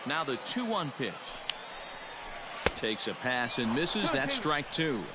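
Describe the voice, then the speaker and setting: A man voicing a video game's play-by-play announcer, calling the action in brisk, lively baseball commentary. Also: medium pitch, heavy background noise.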